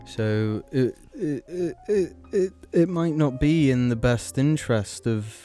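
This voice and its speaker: A man's voice: medium pitch, animated, takes it slowly, warm tone, faint music behind. A man co-hosting a comedy podcast, rambling in a mock-serious way with many fillers. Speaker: podcast co-host. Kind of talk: casual comedy podcast chat.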